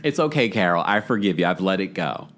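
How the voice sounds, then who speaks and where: A man's voice: low voice, animated, fairly quick, over a noisy crowd, very noisy. A man hosting a live show, chatting casually and reading viewer comments aloud with sassy asides. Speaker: podcast host recapping a reality show.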